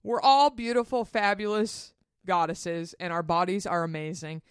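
A woman hosting a solo podcast, talking candidly and animatedly, swearing freely and jumping up high in pitch when she gets worked up. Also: steady tone, moderate pace, clean tone, no echo, studio quality. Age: 30s. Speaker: podcast host. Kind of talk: casual solo podcast monologue.

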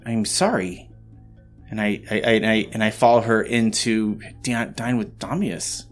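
A man's voice: on the low side, steady tone, measured pace, soft background music. A man playing a tabletop game, describing his moves with hesitant restarts. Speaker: player.

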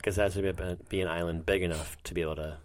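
A man's voice: sits low, fairly even intonation, rapid-fire, no room sound. A man co-hosting a podcast, asking questions in a laid-back way. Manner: laid-back, asks questions, backchannels a lot. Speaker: podcast co-host. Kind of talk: casual chat.

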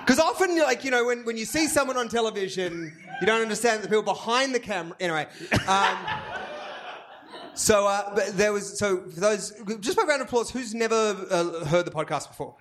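A man's voice: high-pitched, animated, fairly quick, a bit bright, a little hiss or hum. A man co-hosting a live comedy podcast on a theatre stage, telling a rambling story full of "like" and laughing at his own tale. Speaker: podcast co-host.

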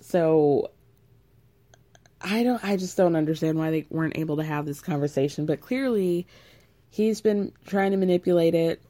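Woman podcast host, casual recap chat, lowish mellow voice, rambling and chatty. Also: moderate pace. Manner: chatty, rambling, full of "like", laughing.

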